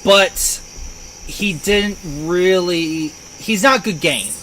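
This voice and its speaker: A high-voiced man chatting as a player at a tabletop game. He drifts into long, eager tangents. A faint hum sits behind his voice. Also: extremely slow, sharp tone, rough recording. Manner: rambling, enthusiastic tangents. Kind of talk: casual tabletop game chat.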